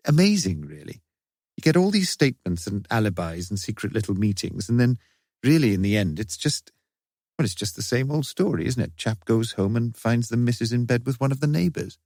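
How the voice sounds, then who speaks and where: A man's voice: mid-range voice, animated, fairly quick, a little mellow, no room sound, studio quality. A man reading the lines of a plain-spoken, easygoing police sergeant in an audiobook, chatty and musing.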